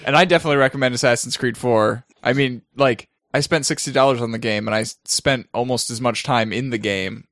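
A man's voice: mid-range voice, a little fast, few pauses, a bit bright, no echo, studio quality. A man co-hosting a casual gaming podcast, joking and wry. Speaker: podcast co-host.

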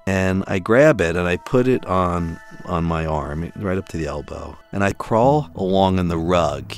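A man's voice: low-pitched, unhurried, faint music behind. A man recounting his family's story in an interview, acting out the dialogue as he goes. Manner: acts out quoted dialogue as he recounts events.

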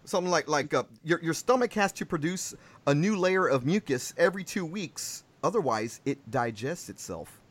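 A man's voice: fairly high pitch, expressive, normal speed, hardly any pauses. A man hosting a podcast, chatting casually in a rambling, jokey way. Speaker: podcast host. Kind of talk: casual chat.

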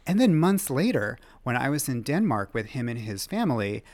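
A man, a magazine writer, as a guest on an interview podcast, telling animated anecdotes with quick laughs. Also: medium pitch.

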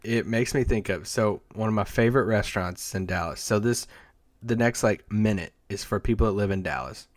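A man's voice: on the low side, fairly quick, no echo, studio quality. A man co-hosting a casual sports podcast, telling loose, rambling stories with lots of fillers and restarts. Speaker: podcast co-host, team site editor. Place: Dallas area.

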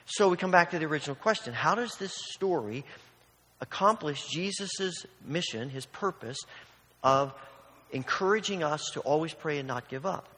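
Brief: male pastor, slightly high voice, conversational sermon, acts out little scenes, long hall reverb. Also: animated, normal speed, bright, forceful tone. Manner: storytelling with acted-out voices, conversational.

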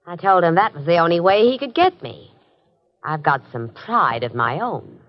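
A woman's voice: lowish voice, expressive, normal speed, lightly acted. An actress playing a cold, sarcastic young woman in a 1950s radio drama, brassy and mocking. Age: young adult. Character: cold, mocking young mistress after money. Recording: muffled 1950s radio broadcast.

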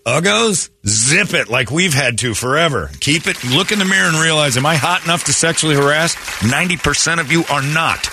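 A man's voice: on the high side, a little fast, few pauses, noisy background. A man hosting a morning radio comedy show, ranting in a mocking, crude way. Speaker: radio host.

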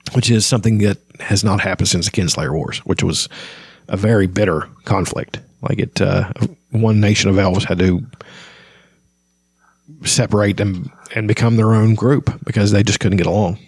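Reading aloud from a fantasy book, a man with a fairly low, slightly rough voice keeps a steady tone and normal speed. He stumbles on words, sums up between passages, and says um and uh a lot in this casual commentary-style reading. The recording is dry.

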